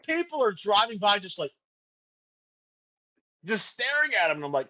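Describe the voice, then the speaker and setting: A man's voice: high-pitched, very animated, moderate pace, pauses often, sharp tone, highs cut off. A man, a band's singer, telling a story in a casual chat, profane and laughing as he goes. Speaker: band vocalist and guest.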